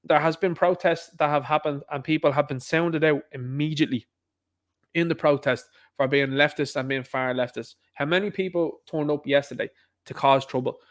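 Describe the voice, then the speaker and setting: A man's voice: a little high, steady tone, normal speed. A man hosting a livestream, with rambling commentary full of repeated asides. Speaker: livestream host.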